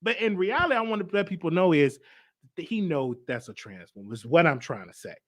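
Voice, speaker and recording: Animated, high-pitched male host. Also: brisk. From United States. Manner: emphatic, repeats himself, reads out comments. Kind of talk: casual live-stream commentary.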